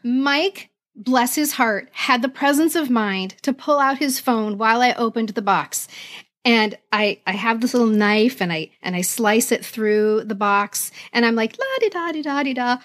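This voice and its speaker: Excited woman podcast co-host. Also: a little high, a little slow. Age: adult, a mother. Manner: excited, laughing, gushing. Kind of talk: casual chat.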